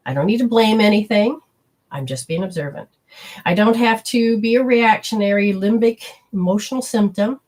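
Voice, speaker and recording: Animated husky woman teaching spirituality. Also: mid-range voice, normal speed. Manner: animated, chatty, acts out quotes, swears casually. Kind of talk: live-streamed teaching talk to viewers.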